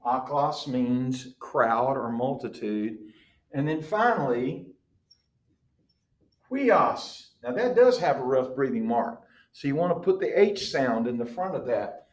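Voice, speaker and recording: Slow, patient man teaching a class. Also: on the high side, reverberant. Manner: patient, explains slowly, checks in with "right?". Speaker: Greek teacher. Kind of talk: classroom lecture.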